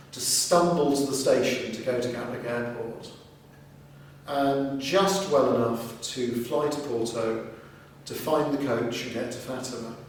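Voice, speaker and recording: A man, a deacon, being interviewed, telling his story at a measured pace with pauses. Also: mid-range voice, recorded from a distance. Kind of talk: conversational interview. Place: large reverberant room in a seminary. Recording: very echoey room, voice off-mic, faint noise.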